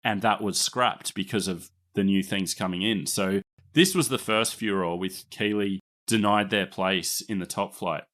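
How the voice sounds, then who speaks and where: A man's voice: low voice, a little slow, fairly bright tone. A man with an Australian accent hosting a history podcast, explaining at length in a chatty way and laughing easily. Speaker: podcast host. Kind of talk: casual history podcast narration.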